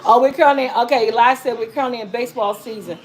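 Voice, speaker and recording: Here a vlog host talks fast, her pitch fairly high, as she casually goes through comments from her live-stream viewers. She wanders from point to point, says things more than once, and keeps calling people y'all.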